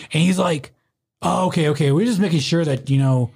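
His voice is fairly high, gravelly, and husky, and he talks briskly. In a casual chat, the man recounts rowdy nights working a bar door, mimicking the people involved, swearing plenty, and laughing frequently.

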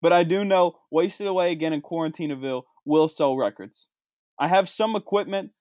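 A man's voice: a little high, fairly quick, a little mellow, dry recording, clean studio sound. Sarcastic man ranting for laughs. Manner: sarcastic, swinging from mutters to outbursts. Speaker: comedic vlogger. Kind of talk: comedic rant to camera.

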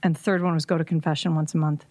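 A woman guest in a casual chat, telling a personal story in an animated way with frequent laughs. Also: low voice, very fast, dry recording. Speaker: podcast guest.

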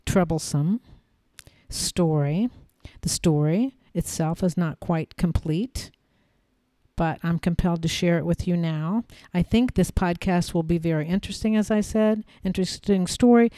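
A woman hosting a podcast, telling a personal story in a measured way, pausing often and repeating phrases for emphasis. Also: on the low side, mellow, clean tone, no echo. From United States. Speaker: podcast host.

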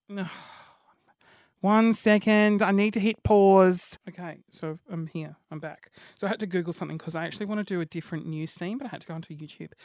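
High-voiced aussie guy rambling on his own podcast, excitable, dry close mic. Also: no echo. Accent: Australian. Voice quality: high-pitched voice. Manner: excitable, rambling, self-mocking. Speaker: podcast host. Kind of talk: casual solo podcast chat.

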